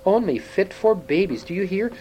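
A man's voice: high voice, animated, normal speed, dark tone, slight background noise, pitched above the performer's own voice, poor audio. A man reading aloud, voicing a stern, domineering king who speaks in cold, thundering commands.

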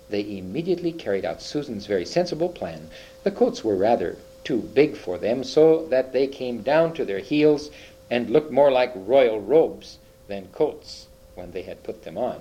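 Expressive male audiobook narrator. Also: medium pitch, a little hiss or hum, rough recording. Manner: measured storytelling, expressive.

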